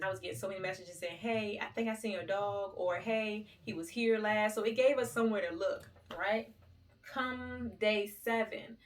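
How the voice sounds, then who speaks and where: A woman's voice: medium pitch, far from the mic. A woman vlogger tells a story in a casual, emotional way and calls her viewers "y'all". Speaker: lifestyle vlogger. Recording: voice set back from the mic.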